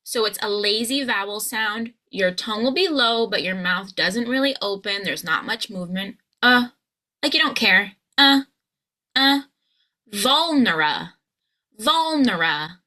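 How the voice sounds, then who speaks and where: An American woman talks through a pronunciation lesson with a bright, forward voice. She slows right down and stretches each syllable when she demonstrates it. Her pitch stays mid-range for a woman. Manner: slow drawn-out modelling of sounds. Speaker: pronunciation coach. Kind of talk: scripted pronunciation lesson to camera.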